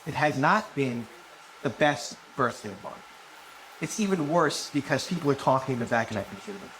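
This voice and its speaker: A man's voice: medium pitch, expressive, normal speed, a bit bright. A man in his twenties doing a live stand-up set, rambling and profane, laughing at his own jokes. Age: 20s. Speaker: stand-up comedian. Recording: noisy live venue recording.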